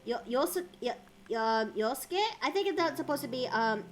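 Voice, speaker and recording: A woman's voice: high voice, lively intonation, normal speed. A young woman streaming while she draws, chatting casually with her chat and thinking aloud. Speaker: streamer and artist.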